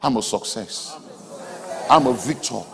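A man preaching a sermon in a large auditorium, emphatic, swinging between soft asides and loud exhortation. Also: medium pitch, unhurried, creaky, a little hiss or hum. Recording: hall reverb from a large auditorium.

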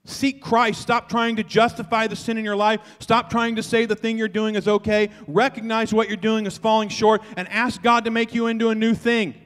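Man, pastor, sermon, high voice, long echoing reverb. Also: level tone, a little fast, hardly any pauses, clear, resonant tone. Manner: impassioned preaching, swings from quiet confession to loud exhortation.

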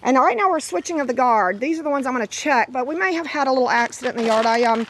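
A woman with a hoarse voice from laryngitis, rambling in a casual vlog and slipping into sing-song baby talk with her puppies in an outdoor yard. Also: high voice, animated, fast talker, a bit bright, a little hiss or hum. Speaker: dog breeder.

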